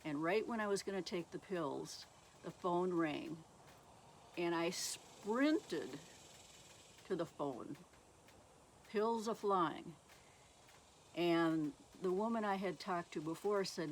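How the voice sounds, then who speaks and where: A middle-aged woman telling her personal faith testimony slowly and haltingly, with many pauses. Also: lowish voice, a little hiss or hum. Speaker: speaker sharing her testimony.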